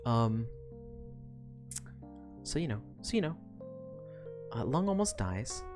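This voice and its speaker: A woman's voice: very deep voice, slow pace, over music. A woman streamer casually recapping a story, swearing a lot and laughing often. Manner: profane, animated, laughs often.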